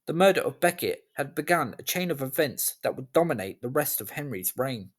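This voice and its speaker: Guy narrating a history video, calm measured pace, mid-pitched voice. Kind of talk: scripted narration.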